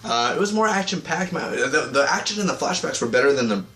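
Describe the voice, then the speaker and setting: A man giving a casual, rambling vlog review of a TV episode. He often breaks into quick mocking voices for the characters. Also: a little high, animated, sharp tone. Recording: echoey room with faint ambient noise.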